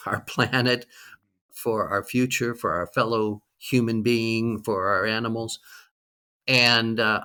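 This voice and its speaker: A man's voice: on the low side, sharp tone. A man in his sixties, a guest on an interview podcast, speaking reflectively with frequent ums. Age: 60s. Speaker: guest, fundraising leader.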